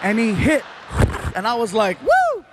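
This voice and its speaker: A man telling a self-mocking story in a stand-up set, animated and acting out the people in it. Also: extremely high pitch, normal speed, noisy background. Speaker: stand-up comedian.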